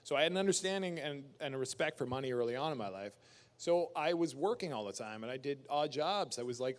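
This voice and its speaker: Animated man ranting at a convention panel. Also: a little high. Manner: emphatic, animated ranting with laughs. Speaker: actor guest at a fan convention panel. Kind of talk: casual convention Q&A.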